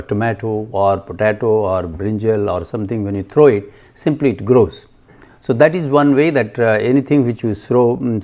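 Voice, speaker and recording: A man giving a recorded lecture, halting with many fillers and asking and answering his own questions. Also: on the low side, darkish tone.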